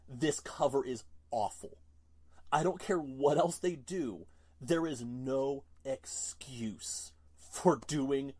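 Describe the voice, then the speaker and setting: A man's voice: medium pitch, dark tone, slightly rough. Exasperated ranting man on a podcast. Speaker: podcast co-host. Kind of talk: casual podcast chat.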